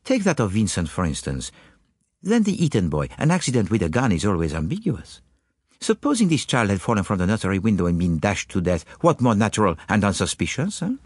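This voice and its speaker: A man voicing a fastidious, methodical detective who speaks precisely and formally in an audiobook. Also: lowish voice, husky, no room sound, studio quality, heavily acted.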